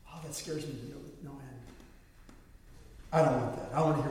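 A man preaching a sermon as a pastor, telling stories dramatically and swinging between soft and loud. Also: fairly high pitch, sing-song, moderate pace. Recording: echoey hall from far off.

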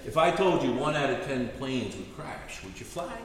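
A male pastor preaching a sermon in an animated, earnest, storytelling manner. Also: mid-range voice, normal speed, slight background noise. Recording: echoey hall, distant mic.

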